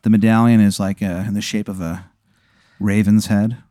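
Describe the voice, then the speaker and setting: A man co-hosting a comedy podcast, telling an improvised story in a deadpan way. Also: on the low side, moderate pace, no echo, studio quality. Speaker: podcast co-host.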